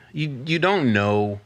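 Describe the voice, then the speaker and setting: A middle-aged man, a podcast guest, telling a personal story in candid conversation and quoting others with lively put-on voices. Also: medium pitch, no echo. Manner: storytelling, quotes his father in animated voice.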